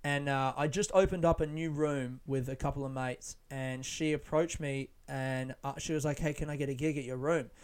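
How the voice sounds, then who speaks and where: Candid swearing young man, smooth voice. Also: mid-range voice, steady tone, moderate pace, hardly any pauses. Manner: frank, swears freely, rambling with restarts. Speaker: stand-up comedian. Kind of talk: candid casual monologue.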